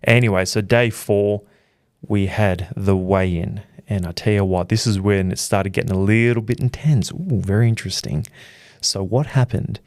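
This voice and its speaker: A young Australian man hosting a boxing channel, rambling through an excitable, self-deprecating recap of fight week. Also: fairly low pitch, moderate pace, no room sound, studio quality. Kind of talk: casual storytelling recap.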